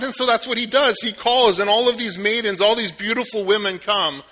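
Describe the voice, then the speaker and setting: A man preaching a sermon in a relaxed, conversational way, retelling a story with joking asides. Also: high-pitched, fairly quick, few pauses. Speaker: pastor.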